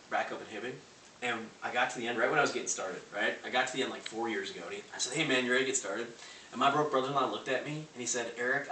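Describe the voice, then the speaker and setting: A man's voice: medium pitch, pushed and bright. A young man giving a brash motivational sales presentation to a live audience, firing punchy rhetorical questions at the crowd. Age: young adult. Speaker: network marketing presenter. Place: large room in a house with a live audience. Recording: roomy, distant recording with faint hiss.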